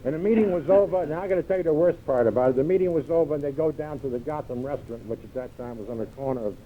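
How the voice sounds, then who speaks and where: A man's voice: on the high side, rapid-fire, slight background noise. Older man with a wry storytelling style. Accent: American. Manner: wry, self-mocking storyteller, acts out dialogue. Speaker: AA speaker. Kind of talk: storytelling talk at a recovery meeting. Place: large hall with live audience. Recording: dull lo-fi 1978 tape recording.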